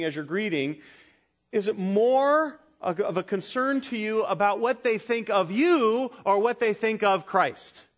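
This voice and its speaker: Guy preaching a sermon, high voice, very emphatic, throws questions at the crowd. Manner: emphatic, call-and-response with congregation. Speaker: pastor. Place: church.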